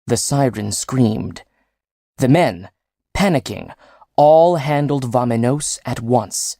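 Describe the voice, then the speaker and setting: A woman narrating an audiobook in a measured, unhurried storytelling manner. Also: a bass voice, expressive, creaky, warm tone, no room sound, studio quality. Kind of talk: scripted narration.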